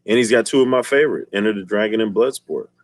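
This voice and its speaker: A man streaming and chatting casually with his viewers, telling stories in an animated way and laughing often. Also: lowish voice, fast, no room sound. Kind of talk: casual chat.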